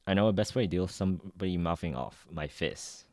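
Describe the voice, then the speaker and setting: Guy reading tough teen girl gang boss, blunt, deep mellow read. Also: fairly quick, no echo, studio quality, natural voice.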